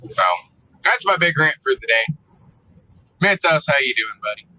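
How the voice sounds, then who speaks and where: A man talks casually to his viewers, cursing freely and venting with exasperation. His voice is very bright and sharp-edged, heard through dull, lo-fi audio. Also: on the high side, expressive, normal speed. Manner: profane, exasperated storytelling. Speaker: vlogger. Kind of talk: casual ranting monologue.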